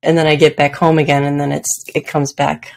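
A woman talks on her own podcast in a loose, chatty way. Her voice sits low. She pokes fun at herself and laughs easily. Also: little pitch movement, fairly quick, vocal fry, a little mellow. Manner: chatty and self-deprecating, laughs often at herself. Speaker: podcast host. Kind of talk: casual solo podcast talk.

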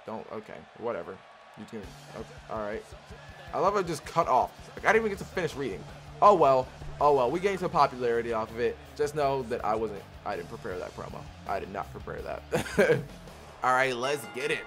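Young male let's-play host, hyped play-by-play caller who trash-talks the game characters, average pitch. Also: animated, brisk, a bit bright, a little hiss or hum. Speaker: gaming channel host.

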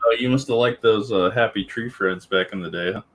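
A man's voice: lowish voice, brisk, a little hiss or hum. A man joking and teasing in casual chat. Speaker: co-host.

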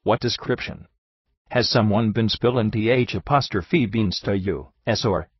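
Man doing a blunt dialect-speaking sergeant, teasing, low voice, dry lo-fi recording. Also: moderate pace, slightly rough, no room sound. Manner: folksy, teasing, dialect speech.

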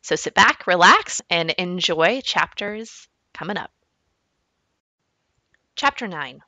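A woman's voice: on the low side, lively intonation, slow pace, long pauses, sharp tone, no echo. A woman reading a children's book aloud as a teacher, narrating expressively. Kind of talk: storybook read-aloud narration.

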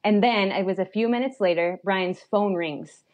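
A young adult woman telling a personal story as a podcast guest, animated and chatty, with lots of fillers and little laughs. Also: medium pitch, moderate pace, muffled recording. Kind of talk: storytelling in a casual chat.

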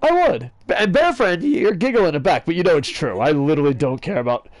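Brief: fairly high-voiced male gaming host, sarcastic, rambling, swears freely, dry close sound. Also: brisk, no echo. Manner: rambling, joking rants with sarcasm and cursing; excitable, talks to a friend off-mic. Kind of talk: casual gaming commentary.

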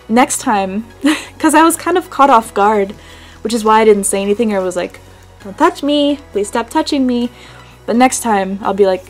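A woman's voice: medium pitch, a little mellow. A woman in her twenties from New Jersey, chatting casually through a product review and laughing often. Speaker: beauty vlogger.

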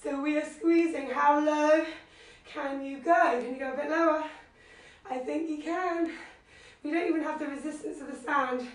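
A woman fitness instructor leads a live workout class from her home living room, out of breath as she encouragingly cues moves and counts reps. Her intonation is fairly even and her pace moderate. The low-quality web stream sounds distant and very echoey.

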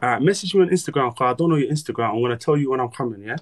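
A man's voice: mid-range voice, animated, rapid-fire, a little hiss or hum. Laid-back man hosting a livestream. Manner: laid-back, slang-heavy, banters with viewers. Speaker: livestream host. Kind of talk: casual livestream chat.

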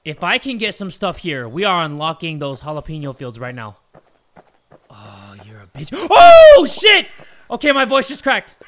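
High, lively young man yelling through a game. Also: moderate pace, slight background noise. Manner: swings between hyped yelling and muttered counting; swears often, talks to viewers. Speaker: gaming YouTuber. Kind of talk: excited gameplay commentary.

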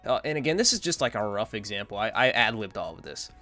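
A man's voice: fairly low pitch, sing-song, fast, bright, forceful tone, faint music behind. A man giving casual, rambling opinion commentary as a gaming content creator, blunt and dismissive.

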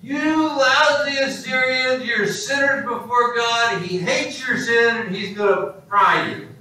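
A man playing an angry male prophet who condemns a city, in slow, raised, drawn-out bursts. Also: very high voice, bright, forceful tone, a little hiss or hum, voice pushed up, exaggerated voice. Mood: furious. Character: furious male prophet preaching doom. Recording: echoey hall, distant mic.

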